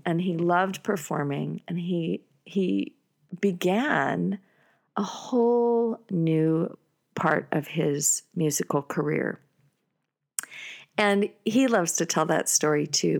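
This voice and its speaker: Woman, middle-aged, low gravelly voice, storytelling, animated, fillers. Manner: animated, breathless when excited, many fillers. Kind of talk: personal storytelling.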